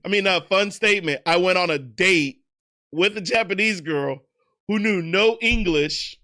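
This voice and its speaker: A man hosts a laid-back livestream chat and answers viewers in a loose, profane way. His voice sits high and sounds bright and forward, and he laughs at his own slips as he goes. He keeps an easygoing, joking tone throughout. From United States. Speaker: streamer.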